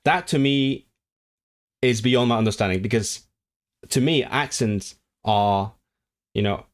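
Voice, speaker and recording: This Hong Kong man hosts a language livestream at a measured pace, his voice medium in pitch. Reading viewer comments aloud, he responds animatedly but rambles, frequently restarting and correcting himself.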